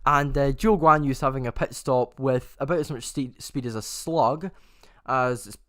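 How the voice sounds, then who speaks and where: A man talks through a motor race live in a loose, chatty way, often stopping to fix a name he got wrong. His voice sits at an everyday middle pitch. The sound is dry and close, with little room around it. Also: measured pace, fairly bright tone, no echo. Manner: chatty, often corrects himself mid-sentence. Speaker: host of a race watchalong.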